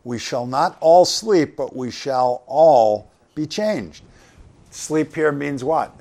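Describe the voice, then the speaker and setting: A man delivers a sermon at a middle pitch, moving between scripture readings and plain talk. His manner is conversational, and he often turns to his listeners with questions. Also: slow, vocal fry, warm tone. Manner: conversational, asks the congregation questions. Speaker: preacher.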